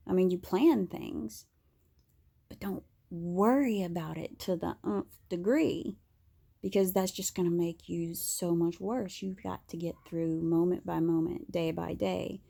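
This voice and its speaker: Woman vlogger, candid rambling chat, husky fry in a darker voice. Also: medium pitch, warm tone. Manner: candid and rambling, with many fillers and restarts. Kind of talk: casual monologue to camera.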